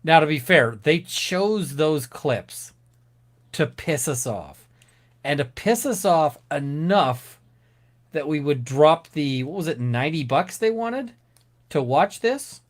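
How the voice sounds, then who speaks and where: A man with a slightly high voice, co-hosting a casual live-stream chat. He rants and swears freely as he talks. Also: animated, takes it slowly. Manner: swearing, ranting. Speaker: co-host.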